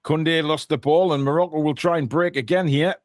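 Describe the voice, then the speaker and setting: A man's voice: on the high side, fairly even intonation, fairly quick, no echo, clean studio sound. A man co-hosting a live football watchalong, giving chatty play-by-play with jokey asides. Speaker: watchalong co-host. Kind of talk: live match watchalong commentary.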